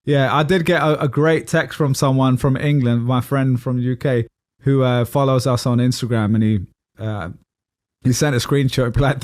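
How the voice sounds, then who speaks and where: A man with a medium-pitched, darkish voice co-hosts a casual podcast, speaking at normal speed in a steady tone. Talkative and quick to laugh, he steers the topics and keeps asking his co-host questions, in a dry, studio-quality recording.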